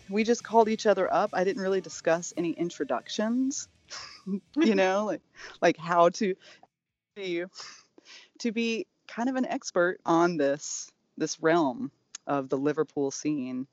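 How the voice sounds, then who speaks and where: A woman's voice: lowish voice, highs cut off. Chatty podcast lady rambling along, laughs a lot, casual talk. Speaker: podcast host. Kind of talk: casual chat.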